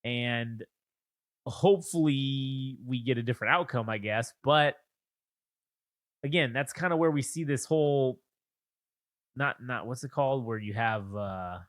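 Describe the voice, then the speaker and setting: A man's voice: medium pitch, no room sound, clean studio sound. A man co-hosting a casual wrestling podcast, rambling with lots of swearing and restarts. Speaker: podcast co-host. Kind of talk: casual chat about wrestling.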